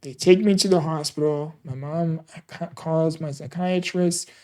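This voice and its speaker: A man telling a personal story in an earnest, emotional way, often halting, repeating and restarting words. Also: on the high side, steady tone, darkish tone. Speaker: podcaster telling his own story.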